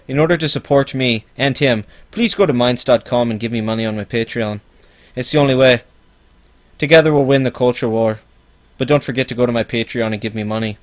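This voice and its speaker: A man's voice: medium pitch, natural voice. A man doing a parody impression of a smug, preachy male online commentator who keeps begging for donations. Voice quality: pompous, preachy. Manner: self-promoting, repeats donation pleas.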